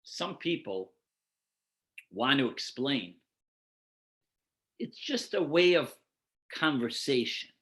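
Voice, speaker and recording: Slow, lively rabbi teaching a text class. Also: male voice, mid-range voice. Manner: poses rhetorical questions, then answers them; guides listeners through numbered source texts. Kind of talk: explanatory lecture.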